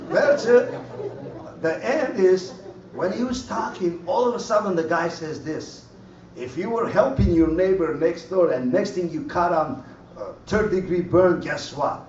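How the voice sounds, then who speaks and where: A man giving an animated personal testimony at a church conference, in broken English. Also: on the high side, unhurried. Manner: animated storytelling, broken English, laughs often. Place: conference hall. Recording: roomy hall, far mic, dull lo-fi, faint noise.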